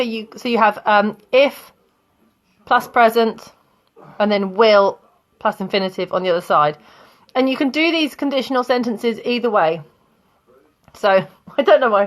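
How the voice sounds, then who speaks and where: A woman's voice: on the high side, normal speed. A woman teaching English grammar in a live online lesson, chatting with students and laughing often.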